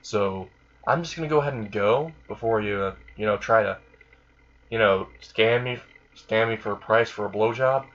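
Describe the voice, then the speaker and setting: A man voicing a deadpan, lonely teenage boy in a casual retold fan story. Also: lowish voice, moderate pace, dull audio, natural voice.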